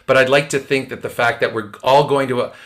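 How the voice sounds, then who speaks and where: A man who owns a camp, reflecting on how his team gets together, pausing and searching for words as he talks. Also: medium pitch, fairly even intonation, fairly bright tone. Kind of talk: casual podcast conversation.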